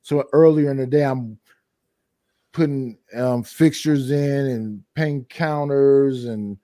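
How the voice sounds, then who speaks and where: A man chats casually as a livestream guest, stumbling and repeating his words. His voice is mellow and dark, recorded dry and close. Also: medium pitch, slow, no room sound. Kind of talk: casual chat.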